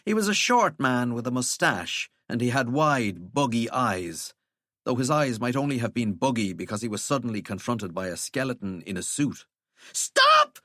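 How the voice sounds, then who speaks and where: A man narrating a fantasy audiobook with lively, expressive pitch. The reading is scripted and close, with a dry sound and no room echo. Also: normal speed. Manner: expressive storytelling.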